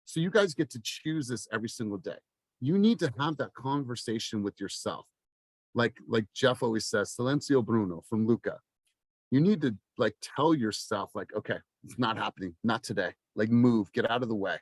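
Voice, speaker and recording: A man's voice: mid-range voice, expressive, normal speed, no echo. Passionate, swearing man coaching a team. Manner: passionate, swears, rising to near-shouting. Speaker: sales coach. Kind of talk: motivational team meeting talk.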